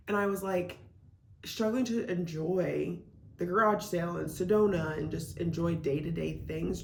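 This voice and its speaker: A woman from Iowa talks casually to camera about her reselling, her fillers running through every sentence. Her voice sits low with a gravelly edge, and the room around her rings with echo. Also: a little mellow. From Iowa, United States. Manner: chatty, with frequent "like" and "um" fillers. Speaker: reseller vlogger. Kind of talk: casual vlog chat. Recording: echoey room.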